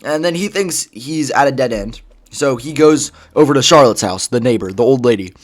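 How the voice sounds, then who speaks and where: A man's voice: medium pitch, expressive, normal speed. A man casually retelling a story, rambling with lots of fillers and swearing. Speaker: vlogger.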